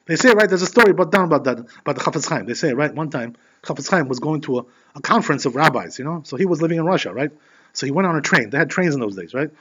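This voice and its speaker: A rabbi teaches a Torah class at a rapid clip, his voice sitting a bit high for a man. He talks in a loose, animated way and keeps dropping in "you know". The recording sounds dull and lo-fi. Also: breathy edge. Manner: peppers speech with "you know"; conversational, animated storytelling.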